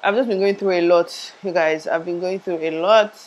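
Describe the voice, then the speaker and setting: Young woman vlogger, lower pitch, rambling casual chat, sore from tooth surgery, lapel mic. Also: fairly even intonation, moderate pace, low-quality recording. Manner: rambling, chatty, laughs at herself. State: in pain after tooth surgery, speech a bit muffled.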